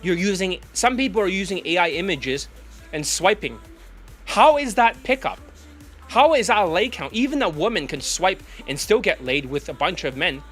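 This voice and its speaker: A man's voice: high-pitched, lively intonation, moderate pace, a bit bright, faint music behind. A man, a dating coach, ranting bluntly and profanely in a vlog monologue.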